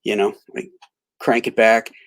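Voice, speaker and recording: A middle-aged man hosting a live stream, telling a rambling story full of halting restarts and reading out chat greetings. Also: lowish voice, little pitch movement. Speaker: livestream host.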